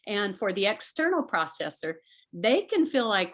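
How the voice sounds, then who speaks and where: A woman's voice: mid-range voice, sing-song, normal speed, fairly bright tone. A middle-aged woman, a guest on a talk show, explaining in an earnest, conversational way and slipping into voices when she quotes people.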